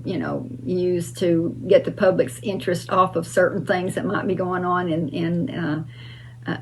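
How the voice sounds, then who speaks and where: A woman's voice: lowish voice, slight background noise, low-quality recording. An older woman hosting her own channel, answering fan questions in an emphatic, casual way with frequent uh and um.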